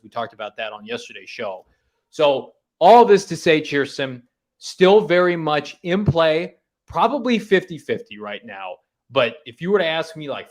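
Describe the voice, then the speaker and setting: A man co-hosting a sports talk show, casually breaking down betting odds and coaching moves. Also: mid-range voice. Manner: analytical, talks through betting odds with restarts.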